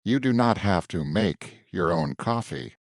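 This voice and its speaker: A man reading a story aloud, voicing a poised, shrewd woman executive assistant in a measured, lightly raised tone. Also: deep voice, no room sound, studio quality, exaggerated voice. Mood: measured, earnest. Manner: calm, measured, warning in a hushed tone.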